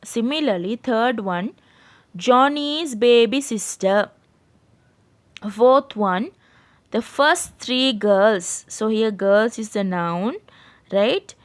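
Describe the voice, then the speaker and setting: A woman's voice: a little high, takes it slowly, long pauses. Patient woman teaching a grammar lesson. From Sri Lanka. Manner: explains patiently, keeps checking with "right?". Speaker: English teacher. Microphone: screen-share voice recording.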